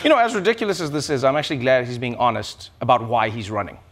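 A man hosting a comedy show, delivering a mocking, animated monologue. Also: medium pitch, quick pace, noisy background. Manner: mocking, animated, slips into silly voices.

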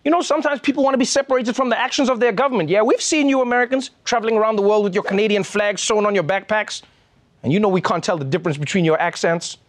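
A man hosting a late-night comedy show, delivering a scripted monologue with sarcastic, exasperated asides. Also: sits high.

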